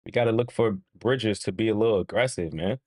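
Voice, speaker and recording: A man's voice: fairly low pitch, fairly quick, no room sound, studio quality. A man hosting a fan watch-along, calling the game play by play in a casual way, urging the players on and laughing with his chat. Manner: excitable, talks to the players and chat, laughs often. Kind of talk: casual live play-by-play commentary.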